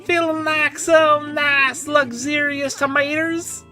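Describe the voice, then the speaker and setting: A man's voice: very high voice, fairly even intonation, slow pace, bright, forceful tone, soft background music, voice pushed up, heavily acted. A man voicing a crude, rambling hillbilly tomato farmer with a put-on Southern drawl while streaming a game. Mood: folksy.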